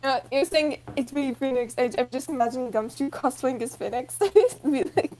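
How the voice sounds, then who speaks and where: A woman's voice: sits high, normal speed, a little mellow, faint music behind. A woman chatting casually and giggling during a video game playthrough. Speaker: let's play co-host. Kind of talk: casual gaming chat.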